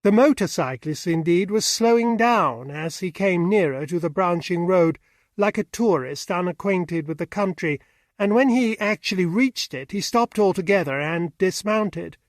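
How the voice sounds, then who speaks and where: A man narrating an audiobook with steady, even storytelling on a close mic. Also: high voice, moderate pace, no echo. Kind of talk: scripted narration.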